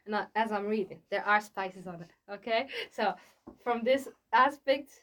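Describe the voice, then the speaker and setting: A woman's voice: mid-range voice, moderate pace, fairly bright tone. A young woman from Morocco, chatting casually in an interview and laughing often as she talks about her relationship.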